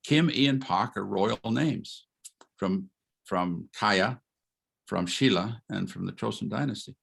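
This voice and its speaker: An older man lectures over a video call in a low, gravelly voice with a husky edge. He talks like a retired professor, lively and informal. He poses rhetorical questions and laughs as he goes. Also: slow. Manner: animated, asks rhetorical questions, chuckles, acts out quotes. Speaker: retired history professor giving a talk.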